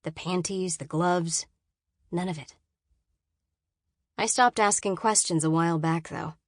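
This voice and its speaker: A woman reading a novel aloud in first person, measured and often hushed and inward. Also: lowish voice, dry recording, clean studio sound. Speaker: audiobook narrator.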